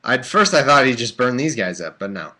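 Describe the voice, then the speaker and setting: A man's voice: medium pitch, very animated, brisk, pushed and bright. A man casually reading aloud on a live stream, breaking off for sleepy, joking asides. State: drowsy. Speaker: host reading and commenting. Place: warm room at home.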